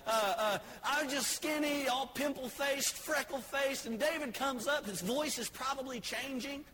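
A male preacher giving a sermon, telling stories and jokes, swinging between soft asides and shouted lines. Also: extremely high pitch, moderate pace, a little hiss or hum.

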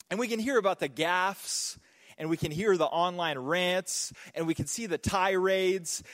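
A man preaching a sermon, telling stories and jokes in an animated way. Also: fairly high pitch, in a large hall. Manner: animated, joking, storytelling. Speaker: pastor.

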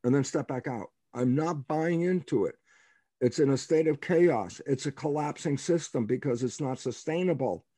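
A man telling stories as a guest in an interview, emphatic and animated, asking rhetorical questions and acting out the lines of people he quotes. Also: on the high side, normal speed, breathy edge, no echo. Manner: animated, acts out quoted dialogue. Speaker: guest biologist. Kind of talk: storytelling in an interview.

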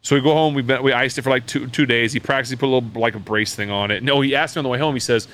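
A man hosting a podcast recorded at a brewery, telling a story in casual chat, animated and full of fillers and restarts. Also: medium pitch, very fast. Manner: animated, acts out quoted voices, many fillers and restarts. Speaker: podcast host.

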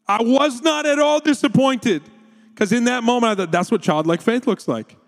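A man in his thirties preaching a sermon, telling a family story with animated delivery and voicing his children. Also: moderate pace. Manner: storytelling, animated, quoting his kids with raised pitch. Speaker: pastor. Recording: long hall reverb.

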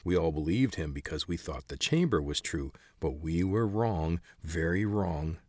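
A man voicing a bitter, secretive old man who hides in caverns, calm one moment and snappish the next. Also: sits low, unhurried, clean studio sound. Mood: bitter, irritated. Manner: calm but snappish, hacking cough. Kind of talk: audiobook character voice.

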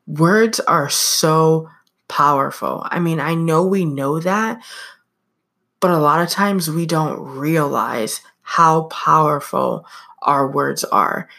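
Low-voiced young woman doing a chatty podcast monologue, slow and easygoing, lots of likes and ums. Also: creaky, pushed and bright. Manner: chatty, personal, uses lots of fillers. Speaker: podcast host. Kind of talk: casual storytelling monologue.

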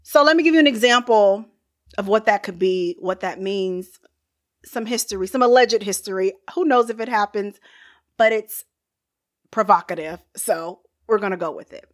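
A woman's voice: mid-range voice, normal speed. A woman hosting a podcast, casually telling a history story with playful, chatty asides and frequent laughter.

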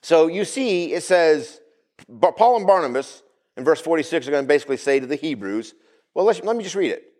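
A man's voice: on the high side, big pitch swings, brisk, a little mellow. A male pastor preaching a sermon, calling out to the congregation for responses.

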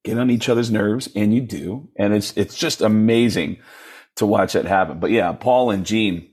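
A comedian and impressionist telling stories in an animated way, slipping into voices for the people he quotes. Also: normal speed, husky. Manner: acts out voices in quoted dialogue, jumping high and low.

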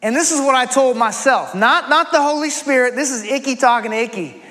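A man preaching a sermon as pastor, telling a personal story earnestly and leading a soft prayer. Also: very high-pitched, brisk, hardly any pauses, in a large hall.

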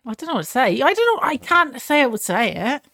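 A woman co-hosting a podcast in casual chat, speaking haltingly and searching for words because of aphasia. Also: sits high, sing-song, fairly bright tone, dry recording, clean studio sound. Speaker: podcast co-host.

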